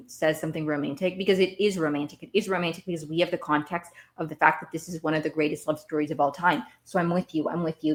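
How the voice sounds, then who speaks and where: A woman with a slightly low voice talks through a TV episode as a podcast host. She rambles in a casual, animated way and repeats words as she works out her point. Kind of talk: casual TV recap.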